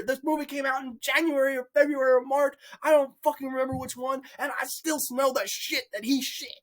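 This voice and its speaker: A man's voice: extremely high pitch, steady tone, fairly quick, few pauses, fairly bright tone. A man delivering an angry, profanity-heavy movie review rant, repeating himself in exasperation. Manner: angry, sweary, repetitive, exasperated.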